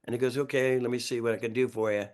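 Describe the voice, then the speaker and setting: A man's voice: mid-range voice, rapid-fire. Rambling man in his sixties. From New York, USA. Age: 60s. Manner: lively, rambling, chuckles often, restarts sentences. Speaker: guest musician. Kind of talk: casual storytelling interview.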